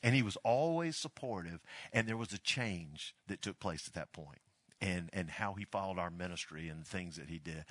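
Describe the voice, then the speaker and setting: An older male pastor from Alabama tells family stories in a folksy sermon, his fairly low voice carrying a bright, forceful edge. The sound is close and dry, with no room around it. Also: no echo. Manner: folksy, animated storyteller. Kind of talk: storytelling sermon.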